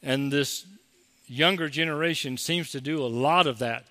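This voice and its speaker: Male pastor, conversational sermon, mocks whiners in quoted voices; bright tone, reverberant sanctuary. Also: on the high side, moderate pace.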